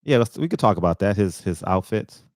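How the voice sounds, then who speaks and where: A man's voice: low voice, expressive, fairly quick, no echo. A man hosting a casual live stream, rambling loosely between laughs and talking to his viewers on a phone. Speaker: live-stream show host.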